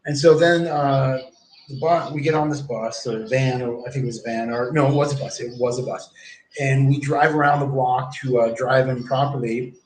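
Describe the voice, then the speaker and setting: A man's voice: mid-range voice, fairly even intonation, normal speed, darkish tone. A man in his forties telling a long, rambling story on a livestream, swearing often and acting out what others said. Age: 40s. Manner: profane, rambling, acts out others' lines in quotes. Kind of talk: rambling first-person storytelling. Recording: echoey room with faint background noise.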